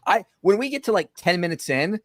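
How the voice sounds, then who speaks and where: A man hosting an apologetics livestream, talking in animated bursts with fillers as he comments on a video. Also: sits high, no room sound, studio quality. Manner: animated, rushes ahead in bursts, many fillers.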